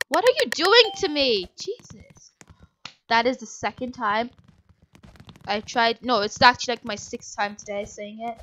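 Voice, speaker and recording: A woman giving live commentary over her own gameplay. She is excitable, shrieks and laughs at scares, then chats on and apologizes a lot. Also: medium pitch. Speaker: gaming channel host.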